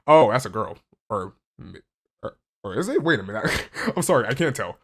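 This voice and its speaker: A man casually reacting to a comic chapter, excitable and stammering, packing his talk with "like" and reading passages aloud between his reactions. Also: mid-range voice, moderate pace, breathy edge. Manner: excitable, stammering, heavy use of "like".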